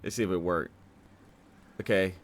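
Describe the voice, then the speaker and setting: A man hosting an anime reaction video, talking casually and excitably with frequent swearing and laughter. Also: sits low, normal speed. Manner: excitable, profane, laughs often.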